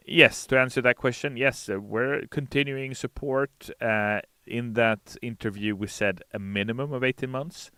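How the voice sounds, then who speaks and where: A man streaming casually, sounding a little sleepy and hesitant as he fills pauses with "uh". His voice is smooth and bright, and fairly low. The sound is close and dry, with no room in it. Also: dry recording. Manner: reads chat messages aloud in a brighter, louder voice; relaxed, hesitant with frequent uh fillers. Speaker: game developer streamer reading chat. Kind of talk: casual live-stream chat.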